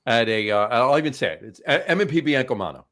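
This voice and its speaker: A man's voice: mid-range voice, sing-song, fast talker, fairly bright tone. Rambling man. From New Jersey. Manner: rambling, many fillers and restarts, tells stories. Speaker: host. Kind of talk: casual chat.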